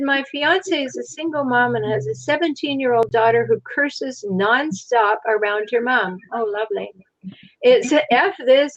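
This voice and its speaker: A woman's voice: on the high side, no room sound, lo-fi sound. A woman hosting a discussion in a chatty, wry manner, often laughing. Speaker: host. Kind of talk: casual discussion.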